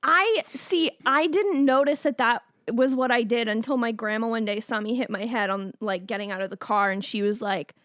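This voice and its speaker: High-voiced young woman podcast co-host. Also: moderate pace, hardly any pauses, fairly bright tone, dry recording, clean studio sound. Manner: laughs a lot, swears, acts out her own outbursts. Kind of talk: casual chat.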